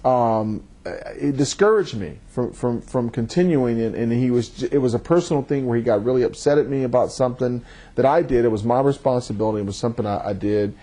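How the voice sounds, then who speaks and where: Speaking in a warm, mid-range voice, a judge answers interview questions in a thoughtful, measured way. He frequently repeats words when starting a thought.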